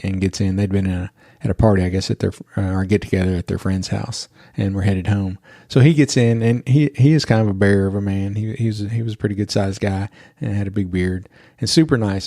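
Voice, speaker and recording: A man's voice: on the low side, steady tone, fairly quick, gravelly, few pauses, mellow, dry recording, studio quality. A man hosting a podcast, telling a story in a chatty way and laughing as he goes. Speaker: podcast host. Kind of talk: casual storytelling.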